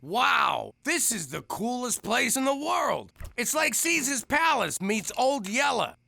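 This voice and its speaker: A man's voice: very high voice, big pitch swings, slow pace, creaky, sharp tone, exaggerated voice. An actor voicing a hapless young male mobster in an adult cartoon, whiny and self-pitying. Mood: excited. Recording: cartoon dialogue over music.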